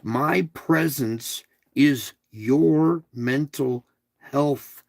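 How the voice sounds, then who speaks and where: A man's voice: medium pitch, extremely slow, gravelly, a little mellow, no room sound. A man giving a devotional talk spoken in God's voice, blunt and conversational, with crude words and many coaxing questions to listeners. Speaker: devotional speaker.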